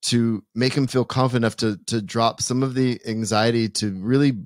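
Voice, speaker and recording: A man co-hosting a podcast, talking earnestly in a halting way with many restarts. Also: mid-range voice, fairly even intonation, no room sound, clean studio sound. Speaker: podcast co-host. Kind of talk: casual podcast chat.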